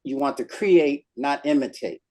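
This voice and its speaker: A man's voice: mid-range voice, moderate pace. Man chatting as a laughing interview guest. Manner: laughing often, telling animated anecdotes. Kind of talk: casual interview chat.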